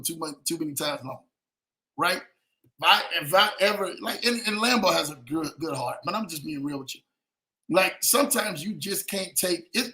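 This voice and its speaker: Bright high-voiced man hyping a livestream. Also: rough recording. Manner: animated, repeats "man" and "brother" a lot, shouts out viewers. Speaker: livestream show host. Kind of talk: casual livestream chat.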